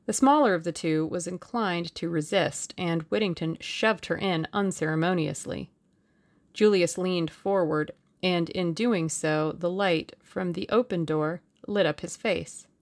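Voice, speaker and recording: A woman narrating an audiobook in a measured, steady storytelling way. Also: on the low side.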